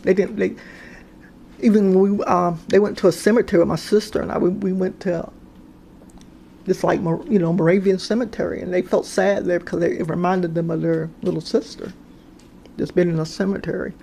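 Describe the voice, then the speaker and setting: Creaky-voiced woman telling rambling stories. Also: fairly low pitch, fairly even intonation, brisk, dark tone, slight background noise. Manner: rambling, hesitant, many restarts and fillers. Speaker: storyteller sharing paranormal experiences. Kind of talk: casual spoken storytelling.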